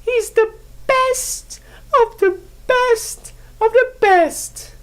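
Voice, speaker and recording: A man voicing a high, drawn-out hype announcer who shouts boasts about the podcast host. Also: exaggerated voice. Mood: boastful hype.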